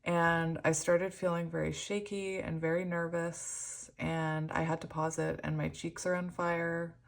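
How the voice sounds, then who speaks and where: A woman giving a pick-a-card tarot reading, emotional and hesitant, shaky and close to tears, with many pauses and ums. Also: on the low side, level tone, gravelly. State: shaky and tearful. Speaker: tarot reader.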